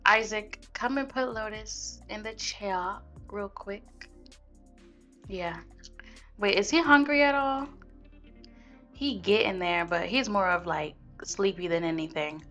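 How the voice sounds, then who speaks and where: A woman's voice: mid-range voice, pushed and bright. A young woman giving casual, chatty gameplay commentary, talking straight to her viewers with lots of slang. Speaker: gaming video host.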